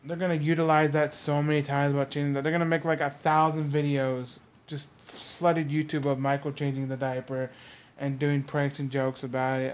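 Flat-toned man ranting in mocking commentary. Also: medium pitch, normal speed. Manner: exasperated, repetitive, mocking. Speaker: commentary vlogger.

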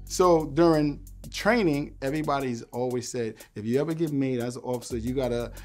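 A man's voice: mid-range voice, brisk, faint music behind. A former police officer telling a story in an interview, acting out the people he quotes. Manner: animated storyteller, acts out voices in quotes.

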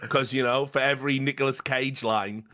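A man's voice: mid-range voice, steady tone, a little fast, bright, forceful tone. A man co-hosting a casual film podcast, enthusiastic and swearing freely. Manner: enthusiastic, swearing, laughing asides. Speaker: podcast co-host.

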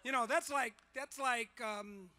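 A man in his sixties banters with fans at a convention panel, loud and teasing, his bright, high voice carrying into a large hall. He jokes constantly and often breaks into shouts and laughter. A handheld mic picks him up. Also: a little slow, a little hiss or hum. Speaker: celebrity convention panel guest.

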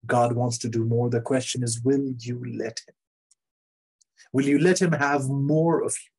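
A man preaching a sermon in an earnest, emphatic way, repeating phrases and letting key lines fall soft and low. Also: fairly even intonation, unhurried, breathy edge.

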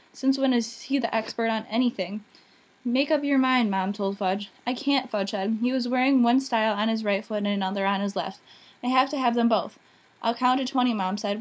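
A woman reading a children's novel aloud, voicing each character plainly, with small slips and restarts. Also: on the high side. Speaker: audiobook reader.

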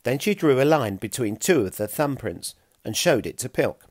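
A man narrating a children's story in an expressive, playful way, recorded close. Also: medium pitch, normal speed, husky, no echo.

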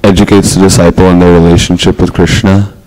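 A man with a very low voice, speaking as a student in a class. He recites a scripture verse hesitantly and fills his pauses with ums. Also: little pitch movement, a little mellow, rough recording.

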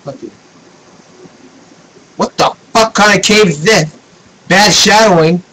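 A man's voice: sits high, slow, pushed and bright, slight background noise, rough recording. A man making blunt, crude remarks while playing a game with friends. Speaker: gamer. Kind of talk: casual gaming chat.

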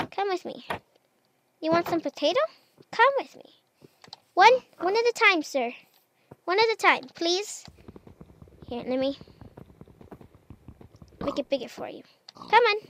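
A woman's voice: high voice, fairly bright tone, slight background noise. A woman casually commenting as she plays a building game, chatty and unsure of herself, talking to the animals she meets. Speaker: gamer. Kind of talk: casual Minecraft let's play commentary.

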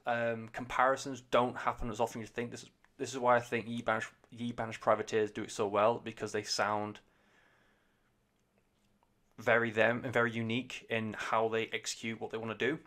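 A man's voice: medium pitch, level tone, fairly quick, fairly bright tone. A man giving a rambling, enthusiastic and sweary casual review of an album on a podcast.

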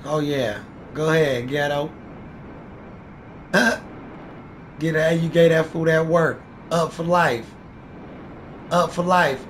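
High-voiced man trash-talking. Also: fairly even intonation, slow pace, pauses often, fairly bright tone, a little hiss or hum. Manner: taunting, boastful, profane, repeats lines for effect. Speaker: gaming YouTuber. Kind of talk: trash-talking game commentary.

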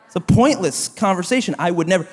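A man in his thirties preaching a sermon to a church, animated and self-deprecating, acting out quoted gossip. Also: high-pitched, quick pace, slightly rough. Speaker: pastor. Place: church auditorium. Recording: long reverb of a large hall.

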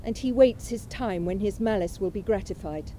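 Mellow-voiced woman reading aloud, measured. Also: mid-range voice, a little hiss or hum, poor audio. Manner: measured, unhurried literary reading. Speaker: speaker at a memorial event. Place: college chapel.

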